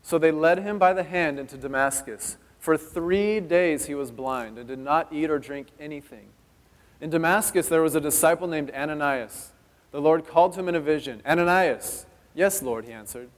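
Reading from Scripture at a fast pace, a male pastor from California keeps interrupting himself with chatty side comments as he preaches. He has a somewhat higher-than-average male voice, echoing with the long reverb of what sounds like a big sanctuary.

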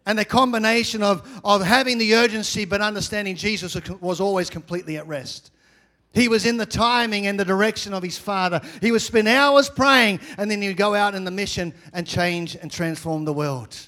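A man preaching a sermon as pastor, energetic, with repeated phrases and swings between loud and quiet. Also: high-pitched, a little fast.

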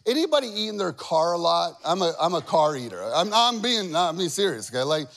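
Chatty pastor man, higher voice. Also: sing-song, brisk, vocal fry, fairly bright tone. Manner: chatty, self-deprecating, asks the crowd questions. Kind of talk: sermon with personal stories.

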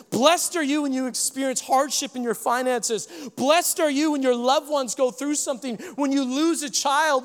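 A very high-pitched man preaches in a church, his voice trailing a long reverb through the hall. He swings from hushed, earnest phrases to shouted ones and slips in quick jokes to the congregation. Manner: jokey asides to the congregation. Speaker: pastor. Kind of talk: sermon.

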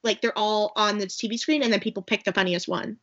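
A woman's voice: mid-range voice, steady tone, fast, a bit bright. A woman co-hosting a podcast, recapping a movie in casual chat, rambling with many fillers and asides. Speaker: podcast co-host. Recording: dull lo-fi sound.

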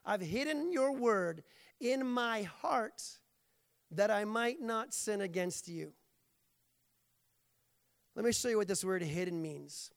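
Gravelly high-voiced preacher in a hall. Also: male voice, lively intonation, slow, long pauses. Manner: playful, jokey storytelling. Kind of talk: sermon. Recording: long reverb of a large hall.

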